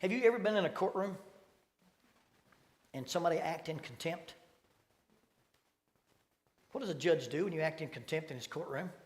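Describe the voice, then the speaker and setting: Middle-aged man preaching, lively storyteller with a slightly high voice, echoing through a big church hall. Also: moderate pace, long pauses. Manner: storytelling, acting out quoted voices with sudden loud bursts. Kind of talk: sermon. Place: church sanctuary. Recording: long hall reverb.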